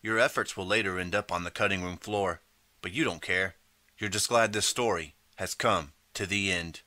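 Male narrator, audiobook, measured storytelling, lowish pitch, bright tone. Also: dry recording. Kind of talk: scripted second-person narration.

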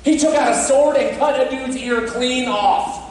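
A man's voice: very high voice, steady tone, measured pace, slight background noise. A man preaching an Easter sermon as pastor, conversational and often checking in with the congregation. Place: church sanctuary. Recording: very echoey church from a distant mic.

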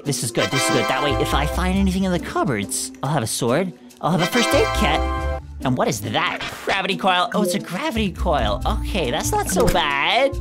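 An excitable woman talking her way through a video game, arguing with it and with herself. Her pitch leaps and swoops constantly, and clear game music plays behind her. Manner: excitable, talks to herself and the game, jumps between mock bravado and panic. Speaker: gaming commentator. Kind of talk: let's play commentary.

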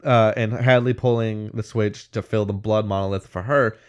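A man's voice: on the low side, steady tone, normal speed, smooth, dull audio. Rambling man recapping a movie. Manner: rambling, full of "like" and "whatever", laughs mid-sentence. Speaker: podcast co-host. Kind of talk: casual movie recap chat.

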